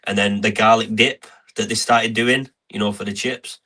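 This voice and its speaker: A young man, a wrestler guest on a podcast, chatting in an easygoing, halting way. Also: on the low side, fairly even intonation, sharp tone. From England. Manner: easygoing, halting, with many restarts. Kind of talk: casual chat.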